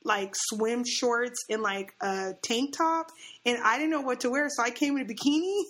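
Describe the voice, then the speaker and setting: Animated woman telling a story, laughing. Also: fairly high pitch, moderate pace. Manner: animated, laughs often, acts out quotes. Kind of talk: casual chat, storytelling.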